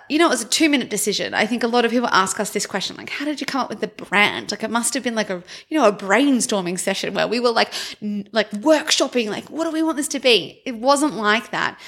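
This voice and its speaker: A young adult woman co-hosts a podcast and tells stories in a lively, chatty way, filling her sentences with "like". Her voice sits a little high for a woman. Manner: animated storyteller, heavy use of "like". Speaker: podcast co-host. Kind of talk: casual chat.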